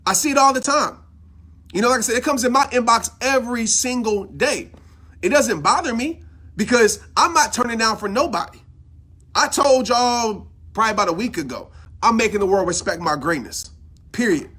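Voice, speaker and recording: A man's voice: extremely high pitch, expressive, normal speed, bright, forceful tone, breathy edge. A man giving an impassioned motivational talk, fired up and preachy, hammering home his points by repeating phrases. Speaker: motivational speaker.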